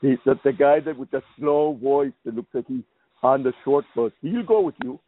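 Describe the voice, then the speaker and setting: A man's voice: medium pitch, normal speed, natural voice. A man playing a crude, mocking immigrant persona on a chat line prank call, heard over a tinny phone line. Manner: taunting, mocking.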